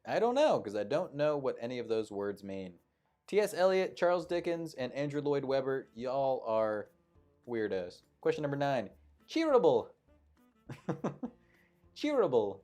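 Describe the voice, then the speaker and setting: A man's voice: mid-range voice, big pitch swings, a little slow, a little mellow, faint music behind. A man hosting a live online trivia show, reading questions and making playful, jokey asides between them. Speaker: quiz show host.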